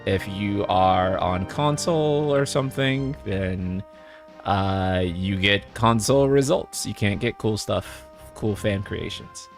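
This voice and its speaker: A man's voice: fairly low pitch, slow pace, creaky, faint music behind. Chatty male game streamer. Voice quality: relaxed, chatty with fillers and jokey asides. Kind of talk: casual game-stream commentary.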